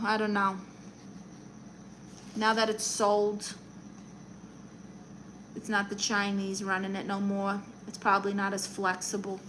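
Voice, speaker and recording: A woman's voice: fairly high pitch, bright, forceful tone, slight background noise. A woman playing a brash, blunt middle-aged aunt who calls herself a therapist, chatting on a live stream while she colors and reads the chat. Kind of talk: improvised character comedy live stream.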